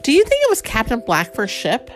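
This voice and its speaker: Woman doing an excited young puppy boy. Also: fairly high pitch, brisk, faint music behind. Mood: curious. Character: cheerful young male puppy.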